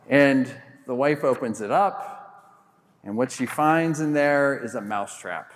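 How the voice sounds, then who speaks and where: A man's voice: medium pitch, a little slow. Male pastor preaching in an echoing church. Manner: conversational, animated storyteller with fillers. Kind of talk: sermon with scripture reading and storytelling. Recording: reverberant church sanctuary.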